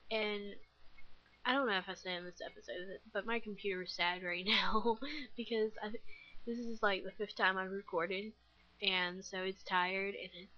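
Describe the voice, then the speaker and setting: A woman's voice: mid-range voice, bright, forceful tone, muffled recording. A nineteen-year-old woman chatting casually while playing a game, rambling with many fillers and self-deprecating giggles. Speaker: gaming vlogger. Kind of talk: casual gameplay commentary.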